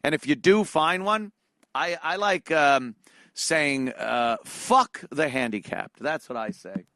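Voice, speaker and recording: A male show host delivers a comedic, profane and sarcastic rant about how annoyed he is by everyone around him. His voice is fairly high, slow and a bit bright, in a dry recording.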